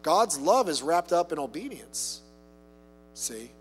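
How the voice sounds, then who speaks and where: Man, pastor, high voice, animated swings in pitch, chatty sermon, long hall reverb, faint music behind. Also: normal speed. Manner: conversational, with rhetorical questions and humorous asides.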